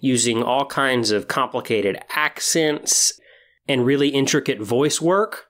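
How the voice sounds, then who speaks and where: Measured, opinionated podcast host. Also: medium pitch, fairly bright tone. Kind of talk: explanatory podcast monologue.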